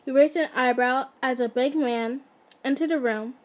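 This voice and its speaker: A woman with a high voice reads fan fiction aloud in a loose, casual way. She stumbles, restarts lines and stops to make jokes. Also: moderate pace. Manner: stumbling, restarting, breaking off to joke and laugh. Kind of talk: casual storybook reading.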